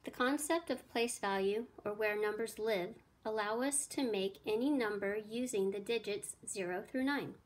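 A woman teacher reading a children's math story aloud with clear, expressive storytelling. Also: medium pitch, normal speed, hardly any pauses.

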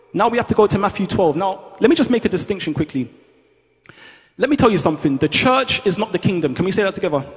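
A man preaching a fervent sermon in a church, calling on the congregation to repeat after him and rising to shouts. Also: high-pitched. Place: church hall. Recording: long reverb of a large hall.

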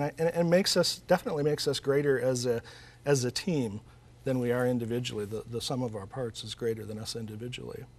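A man's voice: mid-range voice, a little mellow. Earnest man telling stories in an interview. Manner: earnest, storytelling, with frequent restarts. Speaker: author and guest. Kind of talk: interview conversation.

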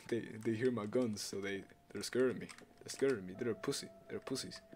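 A fairly low voice at a moderate pace, with a bit of hiss or hum, belongs to a young gaming YouTuber live-commentating a horror game. He's jumpy and excitable, swearing a lot, yelping and screaming at frights, loud, and prone to repeating himself.

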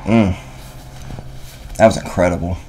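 A man's voice: deep voice, steady tone, a little slow, heavy background noise. A man hosting a reaction video, talking casually and enthusiastically about a performance as he watches. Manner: enthusiastic, gushing. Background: music from the clip he watches.

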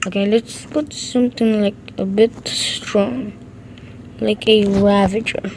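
A woman casually commenting on her own gameplay, excitable and repeating short exclamations. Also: medium pitch, slow pace, a little hiss or hum, rough recording. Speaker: gaming channel host.

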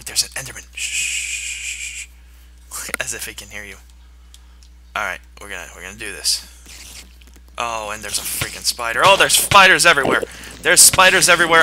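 Bright-voiced young man taunting game monsters. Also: a little high, animated, brisk, a little hiss or hum. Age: young adult. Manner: playful, taunting the game's monsters. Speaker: gaming video host. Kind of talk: gameplay commentary.

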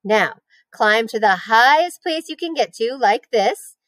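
A woman voicing a wise, patient female spider in a read-aloud story, calm and measured as she explains. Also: a little high, no echo. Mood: coaching. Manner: calm, measured, gently teaching.

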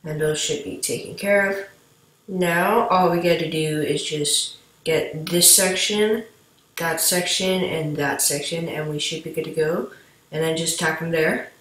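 Woman chatting slowly thru her gameplay, kinda rambly, voice a bit low. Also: steady tone, fairly bright tone. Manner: rambling, chatty, talks to viewers while playing. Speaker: gameplay commentator. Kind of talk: casual gameplay commentary. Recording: echoey room.

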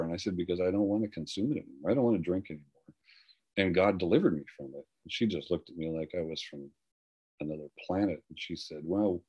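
Older male, deep voice, earnest testimony, halting delivery with many restarts. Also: expressive, a little mellow, breathy edge, muffled recording. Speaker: guest speaker. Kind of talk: personal testimony.

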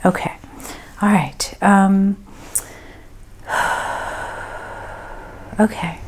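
A woman working as a medium, giving a group reading and thinking aloud in a casual, hesitant way with many pauses and fillers. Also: mid-range voice, darkish tone, slight background noise.

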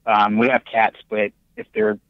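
A man telling his ghost story as a podcast guest, animated and excitable, with big jumps in his voice. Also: lowish voice, unhurried, no room sound. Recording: dull, lo-fi remote audio.

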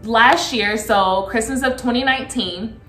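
Bright, bubbly woman in her thirties. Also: a little slow, reverberant, soft background music. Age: 30s. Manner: animated, laughing, acts out quotes in a high excited voice. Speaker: vlogger. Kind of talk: casual storytelling chat.

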